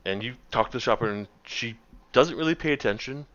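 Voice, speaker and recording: A man's voice: medium pitch, fast, fairly bright tone, dull audio. A man running a tabletop game as game master, narrating casually with rambling fillers.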